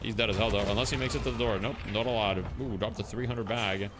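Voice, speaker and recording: A man's voice: fairly low pitch, fairly even intonation, quick pace, background noise. A man from Canada who hosts a stream and gives casual live commentary on a game, joking and swearing now and then.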